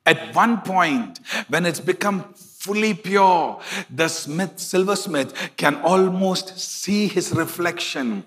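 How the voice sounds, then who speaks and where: A middle-aged pastor delivers an emphatic sermon in a bright, forceful voice. His pitch sits a little high for a man, and he slows and lifts his voice to drive scripture home. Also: lively intonation, big-room sound.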